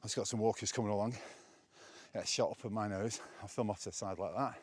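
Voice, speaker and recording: Talking fast in a lowish voice with fairly even intonation, this Englishman from England films a casual walking vlog monologue on a handheld stick camera. He's hiking up hills outdoors, slightly breathless, chatting casually and offering opinions, with slight background noise.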